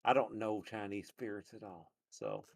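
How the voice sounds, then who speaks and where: A man sits at a tabletop game table, chatting casually with the others. He often sounds unsure, and his pitch moves around a lot in an animated way. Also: moderate pace, gravelly, dry recording. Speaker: player.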